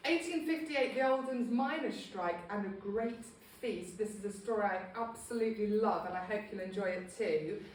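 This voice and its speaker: A woman's voice: mid-range voice, moderate pace, hardly any pauses, a little mellow, recorded from a distance. A woman in a casual local history talk, chatty, self-deprecating and full of ums. She stands off-mic in a very echoey room with faint hiss behind her. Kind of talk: casual public talk to a small group.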